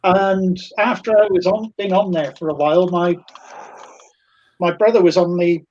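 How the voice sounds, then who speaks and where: A man in casual chat, telling an anecdote in a measured way over a video call. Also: sits high, steady tone, darkish tone, highs cut off.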